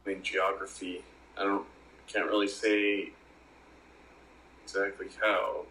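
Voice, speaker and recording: A man's voice: deep voice, flat delivery, takes it slowly, sharp tone, reverberant, rough recording. A man co-hosting a casual chat, agreeable, chiming in with frequent mm-hmms. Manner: agreeable, lots of backchannel mm-hmms. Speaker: podcast co-host.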